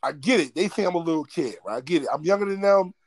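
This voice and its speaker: A man telling a funny story from his school days in a loose, animated way, repeating himself and laughing. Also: a little high, fast talker, husky, no room sound. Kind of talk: casual storytelling.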